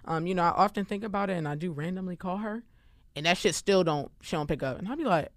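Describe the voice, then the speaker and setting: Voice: medium pitch, fast, fairly bright tone, dry recording, clean studio sound. A podcast co-host in casual chat who talks loosely and animatedly, using lots of slang and filler words.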